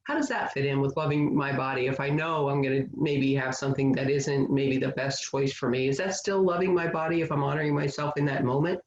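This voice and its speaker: An interview host asking questions and offering warm affirmations like "beautiful" and "awesome". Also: mid-range voice, steady tone, a little fast, hardly any pauses, reverberant, dull audio. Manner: warm, affirming, gives frequent "mm-hmm". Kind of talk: conversational interview.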